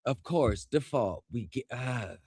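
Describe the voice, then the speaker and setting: A man live-streaming reactions to court footage, talking straight to his viewers and shouting at the screen. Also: mid-range voice, expressive, unhurried, husky, no echo, studio quality. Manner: heated, yells at the screen; addresses viewers directly.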